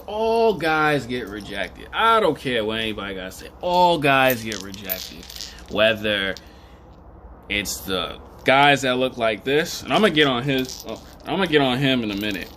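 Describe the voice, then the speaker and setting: A man vlogging in casual commentary, rambling and chuckling, animated and emphatic as he talks straight to viewers. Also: medium pitch, measured pace, a little hiss or hum.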